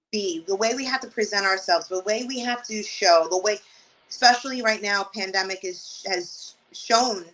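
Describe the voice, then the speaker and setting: A woman talks through her work as a real estate agent. She tells her stories in an animated way, with exasperated asides, and her pitch sits in the middle range for a woman. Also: a little hiss or hum, low-quality recording. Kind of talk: casual interview talk.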